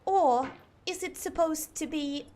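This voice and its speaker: Very high-voiced woman in a prim posh put-on accent. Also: slow, heavy background noise. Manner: affected posh English accent, prim and fussy. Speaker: streamer. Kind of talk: gaming livestream chat.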